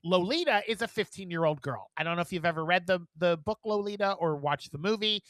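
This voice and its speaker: A man co-hosting a podcast, chatting casually in a blunt, profane, animated way. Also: high-pitched, brisk, no echo. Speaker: podcast co-host. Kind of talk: casual chat.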